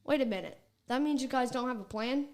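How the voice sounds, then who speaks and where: A woman reading a scripted podcast intro in a dry, deadpan way, then mocking the hosts for having no plan. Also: high voice, fast talker. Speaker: intro announcer.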